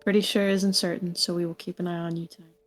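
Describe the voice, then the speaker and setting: A woman's voice: fairly low pitch, level tone, fast talker, faint music behind. A young woman playing her character at the table, wry and suspicious. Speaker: player.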